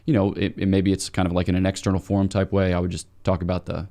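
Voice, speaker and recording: A man's voice: sits low, level tone, fast talker, dark tone. A man from the eastern United States, a priest, explaining ideas thoughtfully in a casual podcast conversation. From United States, between Washington DC and Boston. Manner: thoughtful, explanatory, many fillers and restarts.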